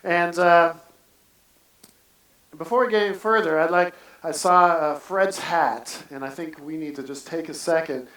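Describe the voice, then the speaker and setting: A man preaches in a loose, earnest way and keeps stopping to restart his sentences. His voice sits a little high and is picked up from some distance, so it rings around a large church sanctuary. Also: fairly bright tone, echoey room. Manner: earnest, halting, many restarts. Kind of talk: casual church sermon.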